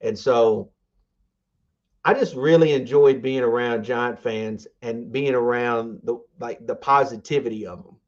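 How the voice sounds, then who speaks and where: A man co-hosting a sports podcast, rambling enthusiastically with lots of fillers and false starts. His voice sits at a middle pitch for a man. The recording sounds a bit dull and muffled. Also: unhurried. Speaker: podcast co-host. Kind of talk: casual sports podcast chat.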